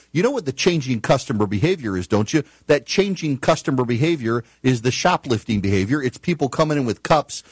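Male talk host, animated pitch, exasperated rant, dry close sound. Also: breathy edge, no echo. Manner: exasperated, laughing, storytelling. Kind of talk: ranting monologue.

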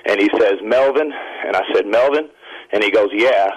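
A man calling in to a radio show, telling a long excited story in a rambling, self-interrupting way. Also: on the low side, quick pace, poor audio. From Indiana. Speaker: caller. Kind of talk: phone-in storytelling.

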